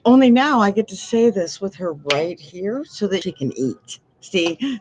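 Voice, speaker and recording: A woman's voice: mid-range voice, a little slow, background noise. A woman co-hosting a casual livestream from a diner booth, talking in long rambling stories and laughing often. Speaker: livestream co-host. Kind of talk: casual chat. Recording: dull lo-fi livestream audio.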